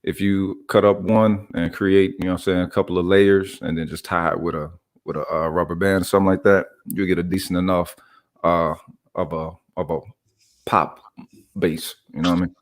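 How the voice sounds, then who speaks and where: A man with a lower voice hosts a casual livestream chat. He talks in a relaxed, drawn-out way and keeps checking in with his listener using filler phrases. He sounds easygoing and conversational. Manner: laid-back, drawn out, keeps saying "you know what I'm saying". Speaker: livestream host.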